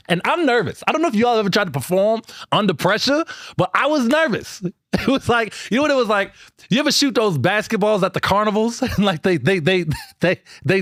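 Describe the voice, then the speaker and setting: A man telling a true story as a stand-up comedian, animated and incredulous, with quick repeated restarts. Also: high voice, dry recording, clean studio sound.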